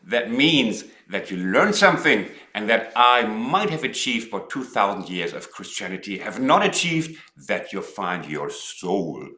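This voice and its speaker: A man teaching a piano lesson in a playful way, counting rhythms out loud and joking. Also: lowish voice, very animated, a little slow, hardly any pauses, breathy edge. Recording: loud piano playing under the voice.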